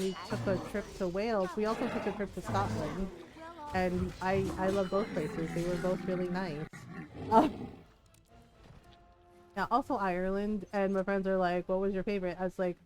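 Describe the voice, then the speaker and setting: A woman's voice: medium pitch, fairly even intonation, moderate pace, music in the background. A woman streamer telling a rambling story in casual chat while she plays, giggling often. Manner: chatty, giggly, rambling with restarts. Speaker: game streamer.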